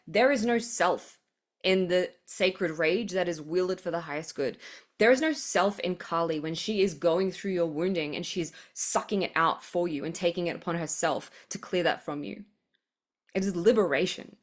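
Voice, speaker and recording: A woman hosting a podcast, giving a rambling spiritual monologue, full of fillers and blunt swearing. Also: lowish voice. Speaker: podcast host.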